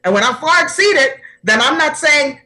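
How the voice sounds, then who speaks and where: A woman's voice: high-pitched, expressive, moderate pace, pushed and bright. Woman coach on a podcast, heartfelt and earnest, keeps restarting sentences. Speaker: personal development coach. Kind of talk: podcast interview guest.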